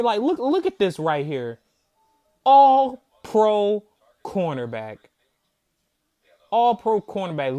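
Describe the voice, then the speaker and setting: A man hosting a sports reaction video, ranting in heated, profane disbelief and repeating himself for emphasis. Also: high voice. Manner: mocking, disbelieving. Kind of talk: angry fan reaction rant.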